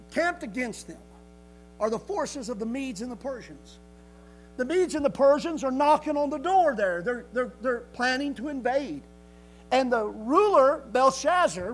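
A man preaching a sermon in a folksy, emphatic way, swinging from loud declarations to quiet asides. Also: extremely high pitch, a little hiss or hum, rough recording.

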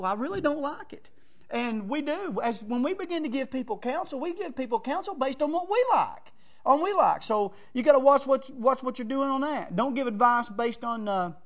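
A man preaching in a folksy, chatty storytelling way, acting out quotes and laughing often. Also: high voice. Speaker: preacher teaching on counsel.

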